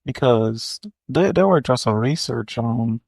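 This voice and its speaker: Slow, deadpan man in his forties. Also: medium pitch, creaky, dry recording. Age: 40s. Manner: dry, reluctant, deadpan answers. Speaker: podcast co-host. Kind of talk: casual chat.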